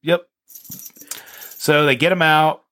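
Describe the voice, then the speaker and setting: A man's voice: on the high side, fairly even intonation, takes it slowly, bright, forceful tone. Laid-back man recapping a movie. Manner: laid-back, rambling, swears freely. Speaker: podcast co-host. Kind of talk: casual movie recap chat.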